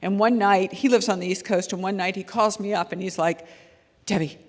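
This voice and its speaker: A woman's voice: mid-range voice, fairly even intonation, a little fast. Woman educator talking to parents, earnest and chatty, lots of ums, big echoey hall. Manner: earnest, storytelling, with frequent ums and restarts. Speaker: child safety educator giving a talk. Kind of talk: conversational lecture to parents. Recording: long hall reverb.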